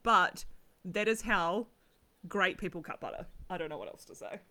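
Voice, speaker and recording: A woman's voice: on the low side, normal speed, bright, forceful tone. A woman co-hosting a casual chat, giggly and candid. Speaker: podcast co-host.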